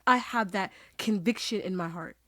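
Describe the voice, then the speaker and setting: A woman speaking with heartfelt earnestness in a casual podcast conversation, her voice at an ordinary middle pitch. She gets emotional and laughs easily. The recording is close and dry, with no room sound. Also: normal speed, bright, forceful tone, no echo. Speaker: podcast host.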